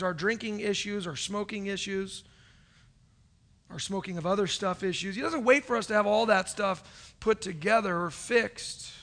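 Up on stage, a pastor with a high, ringing, bright voice addresses his congregation, imitating the voices of churchgoers. He moves from loud calls down to near-whispered asides in an animated delivery.

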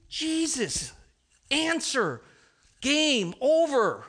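Bright, high-voiced male preacher. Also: sing-song, slow pace. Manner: emphatic, with frequent restarts. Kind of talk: sermon.

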